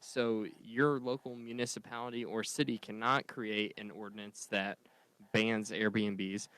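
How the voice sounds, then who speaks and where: A man co-hosting a casual political podcast, talking earnestly in quick bursts and laughing. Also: fairly low pitch, little pitch movement, fairly bright tone, clear, resonant tone. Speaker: podcast co-host.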